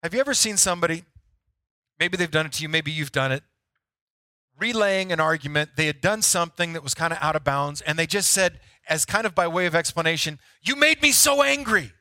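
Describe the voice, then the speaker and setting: Bright, high-voiced male pastor preaching. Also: a little fast, dry recording, clean studio sound. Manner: emphatic, repeats key lines for effect. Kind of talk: sermon.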